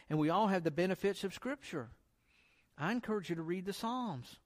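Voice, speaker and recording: A man giving an informal sermon, talking in a relaxed, encouraging way and reading scripture aloud. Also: a little high, brisk. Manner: conversational, encouraging, repeats himself, reads scripture aloud. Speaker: preacher.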